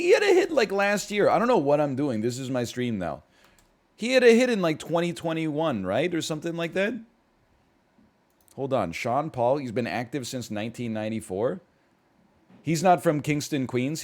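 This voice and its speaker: A man in a relaxed live-stream chat, answering his chat as he goes. His voice sits at an ordinary middle pitch but leaps up when something gets him going, and he wanders off on tangents and rambles through asides. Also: moderate pace. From Canada.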